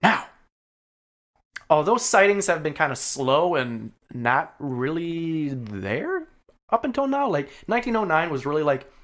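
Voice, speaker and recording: A podcast host reading out research in casual comedic chat, laughing often and swearing casually. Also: male voice, fairly high pitch, big pitch swings, a little slow, a bit bright.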